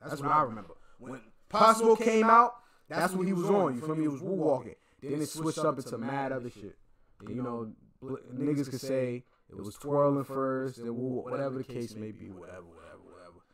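A man's voice: medium pitch, brisk, a crowd in the background. A man hosting a reaction video, talking in a rambling, slangy way that trails off and corrects itself. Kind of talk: casual reaction commentary.

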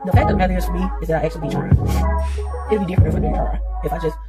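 A woman's voice: fairly low pitch, very fast. A young woman beauty vlogger chatting casually through a makeup tutorial, self-deprecating and talking straight to her viewers. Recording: loud hip hop music playing behind.

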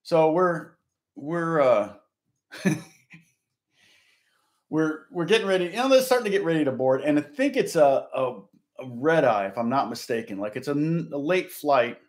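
A man's voice: on the high side, lively intonation, moderate pace, long pauses. A man, a guitar teacher, telling a casual story and stopping often to correct himself. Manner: rambling, stops to correct himself.

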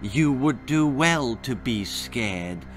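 A man voicing a tiny magical duck that speaks in a soft, watery, hissing voice and delivers grave warnings. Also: mid-range voice, lively intonation, takes it slowly, faint music behind. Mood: ominous.

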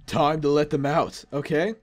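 A young man with a dry, strained throat giving excitable, playful let's play commentary, often yelping and laughing. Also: a little high, moderate pace. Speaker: gaming YouTuber.

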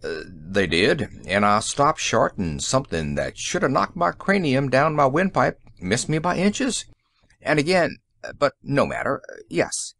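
A man reading the part of a shaken middle-aged police sergeant in an audiobook, with a hoarse, blunt way of talking. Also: medium pitch, very animated, unhurried, fairly bright tone, full character voice. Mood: uneasy. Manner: blunt, plain street talk.

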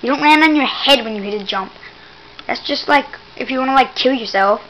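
Woman, gameplay commentary, high voice, bright tone, excitable, teasing. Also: brisk, slight background noise, rough recording. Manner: excitable, exclaiming over and over; teasing, mock-scolding.

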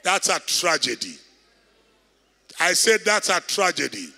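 Kenyan bishop preaching, tense bright voice. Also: male voice, sits high, very animated, a little slow, vocal fry, pauses often. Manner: preaching loudly, calling out to the congregation. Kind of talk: sermon. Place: large church hall. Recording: echoey church hall.

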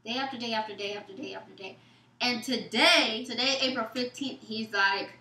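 A woman guest telling a story in a casual chat, animated and acting out what others said, in loose informal speech. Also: fairly high pitch, moderate pace. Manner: animated, acts out quoted texts and dialogue. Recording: echoey room.

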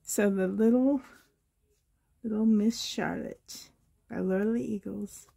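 A hoarse woman from Canada gushing with delight as she unboxes a reborn doll trade for her vlog. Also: medium pitch, steady tone, slow, warm tone. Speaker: reborn doll collector vlogger.

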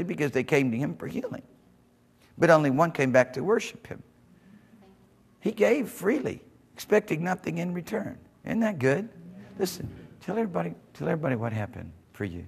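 A man pastor preaching an animated sermon in church, often breaking into praise. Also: on the high side, a little fast, slightly rough, big-room sound. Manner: animated, exclaims "Hallelujah" often. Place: church hall.

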